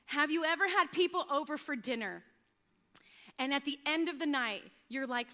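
A middle-aged woman pastor preaching a sermon, telling animated, self-mocking stories about her home life. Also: sits high, normal speed, in a large hall.

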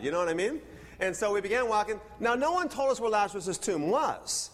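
High-voiced preacher telling a story. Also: male voice, quick pace, in a large hall. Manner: animated storyteller, acts out dialogue. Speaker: pastor. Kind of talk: sermon with personal storytelling.

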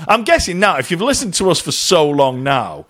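An English man with a fairly high voice, talking at normal speed, co-hosts a relaxed podcast chat from his home in Ireland. He's animated and swears, ranting tongue-in-cheek and quoting people in put-on voices.

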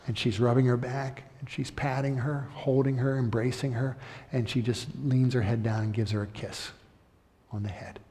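A male pastor preaching a sermon with passion, building to loud, emphatic peaks. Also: mid-range voice, level tone, moderate pace. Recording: echoey hall.

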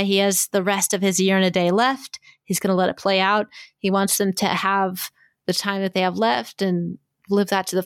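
A woman's voice: medium pitch, clear, resonant tone, dry recording, studio quality. A woman co-hosting a casual chat, animatedly retelling a story and quoting characters, swearing casually. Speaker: podcast co-host. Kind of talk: casual chat about fan fiction.

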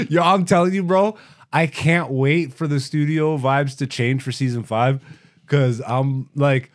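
Young comedian guy hosting his podcast, kinda high voice, cussing and laughing all over. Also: animated, a little slow. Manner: profane, joking, laughs often. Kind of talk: casual podcast chat.

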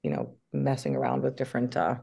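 Woman guest, 30s, gravelly voice, animated and chatty, video call. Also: a bass voice, fast. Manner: animated, chatty, with many fillers. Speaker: actress, guest. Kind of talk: casual interview chat.

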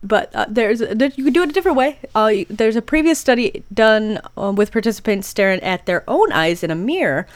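A woman's voice: a little high, animated, brisk, few pauses. A woman co-hosting a podcast, sharing an odd science story in playful, wry banter. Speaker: podcast co-host. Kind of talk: casual chat.

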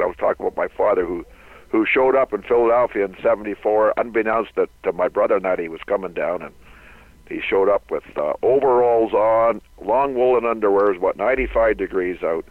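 A man's voice: on the low side, a little fast, no echo. Older Canadian man telling rambling stories over a phone line. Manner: rambling anecdotal storyteller who laughs often. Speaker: guest, former hockey player. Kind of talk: storytelling interview. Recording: tinny phone-line sound.

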